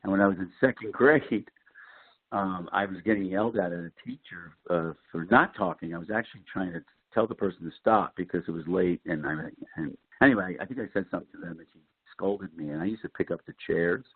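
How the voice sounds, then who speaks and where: A middle-aged man from Brooklyn, an actor telling lively stories as an interview guest. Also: a little fast, breathy edge, no echo. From Brooklyn, New York. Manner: animated storyteller, lively pitch jumps. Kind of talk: casual interview. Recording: dry, tinny phone-like line.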